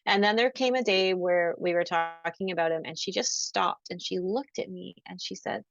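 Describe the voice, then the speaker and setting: A woman with a fairly low voice tells a personal story as an interview guest. She speaks in an earnest, emotional way and softens at the hard parts. The audio is dull and dry, with little room sound. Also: normal speed, creaky, no room sound.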